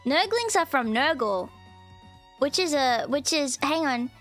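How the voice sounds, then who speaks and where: A woman's voice: sits high, lively intonation, unhurried, fairly bright tone, faint music behind. A woman streamer chatting casually and playfully with her viewers, often thanking them. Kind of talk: casual live-stream chat.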